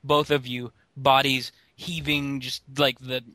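A man's voice: medium pitch, level tone, measured pace, bright, forceful tone, dry recording. A man co-hosting a casual comedy podcast, playful and rambling as he tells his bits. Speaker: podcast co-host.

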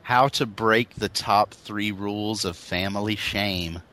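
A man's voice: lowish voice, fairly even intonation, slow, sharp tone. A man hosting a podcast in casual comedic chat, sarcastic and laughing often as he riffs. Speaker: podcast host.

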